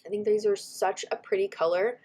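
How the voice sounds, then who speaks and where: A chatty woman with a lilt talks in a mid-pitched voice, gushing over every detail and slipping into soft, half-whispered asides. Her voice carries a slight scratchiness from a lingering cold. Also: fairly even intonation, fairly quick. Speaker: planner vlogger. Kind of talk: casual chat over a craft video.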